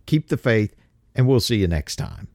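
A man's voice: expressive, a little mellow, dry recording, clean studio sound. A man hosting a talk show, delivering an impassioned, indignant and mocking monologue that climbs to heated, emphatic peaks. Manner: climbs to heated, emphatic peaks, then drops low and slow. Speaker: show host.

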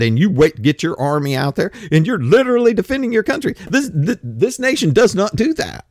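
A man's voice: high-pitched, very animated, a little fast, few pauses, darkish tone, no room sound, clean studio sound. A man in his fifties delivering a blunt, opinionated monologue, ranting and swearing casually. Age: 50s.

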